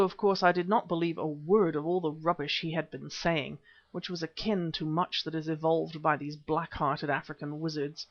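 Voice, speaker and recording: A man narrating an adventure audiobook in a measured, first-person storytelling manner. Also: on the high side. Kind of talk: scripted narration. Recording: dull lo-fi recording.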